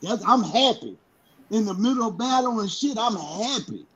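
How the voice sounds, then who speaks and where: A man's voice: sits high, lively intonation, moderate pace, a bit bright, breathy edge, highs cut off. A man on a podcast panel, arguing his point in a blunt, emphatic and profane way. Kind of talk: heated casual debate.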